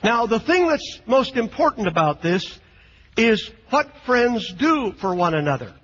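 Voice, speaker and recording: A man lecturing on scripture in an unscripted, halting style, often repeating words as he thinks. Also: very high-pitched, sing-song, fairly bright tone, in a large hall, dull audio, slight background noise. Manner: halting, repeats words, reads quotes with emphasis. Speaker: lecturer on the New Testament.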